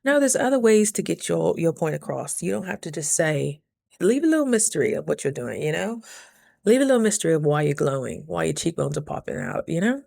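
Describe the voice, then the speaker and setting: A woman's voice: sits low, sing-song, fairly quick, gravelly, darkish tone. A woman talking casually to camera in a vlog, candid and chatty, giving motivational advice. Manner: candid, chatty, motivational, lots of "you know". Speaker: vlogger.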